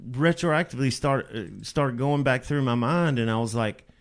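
A male rock vocalist tells stories in a casual interview, blunt and rambling with plenty of swearing. His voice sits at an ordinary middle pitch. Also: normal speed.

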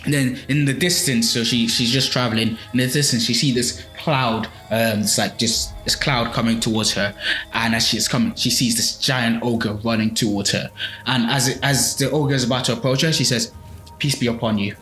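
A man's voice: mid-range voice, steady tone, normal speed, pushed and bright. A man casually retelling a folk tale on a podcast, with loose phrasing, plenty of fillers and restarts. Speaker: podcast storyteller. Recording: echoey room with faint music.

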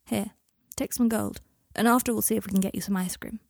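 A woman voicing a remorseful, guarded young father in an audiobook reading, with a soft breathy voice. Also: medium pitch, steady tone, a little fast, no echo, clean studio sound. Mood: tender.

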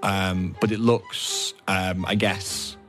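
A man narrating as game master of a tabletop game, describing scenes in a relaxed, hesitant way. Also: low voice, slow, faint music behind.

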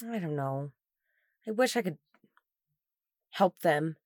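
A woman playing a tabletop game, speaking softly and hesitantly in character as a gentle missionary. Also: low-pitched, animated, slow pace, no echo, studio quality. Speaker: player.

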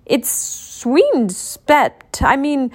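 A woman's voice: sits high, big pitch swings, extremely slow, a little mellow, pitched above the performer's own voice, heavily acted. A woman voicing a flustered elderly male dwarf leader who keeps jumbling his words.

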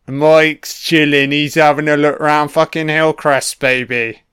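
A man's voice: a little high, flat delivery, measured pace, few pauses, a bit bright, clean tone, no echo, studio quality. A man giving a casual, blunt film commentary, swearing constantly and full of opinions.

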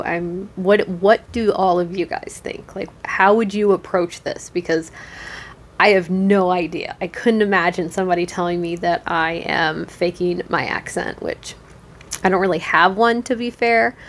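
A woman hosting a casual podcast, reading Reddit posts aloud and reacting to them with frequent ums and restarts. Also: on the low side. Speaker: podcast host.

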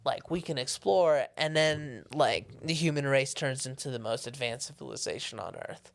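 A woman's voice: a bass voice, moderate pace, gravelly. A woman hosting a podcast, chatting casually and telling rambling, crude stories with little put-on voices. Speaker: podcast host. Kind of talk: casual chat. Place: podcast studio.

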